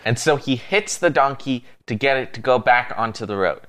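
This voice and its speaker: Male co-host, casual Bible storytelling, animated, easygoing delivery. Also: mid-range voice, moderate pace. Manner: lively, amused storyteller.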